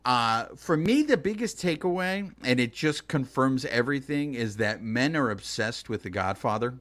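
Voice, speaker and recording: A man co-hosting a sports podcast in casual chat, animated and often laughing. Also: mid-range voice, normal speed, noisy background. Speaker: podcast co-host.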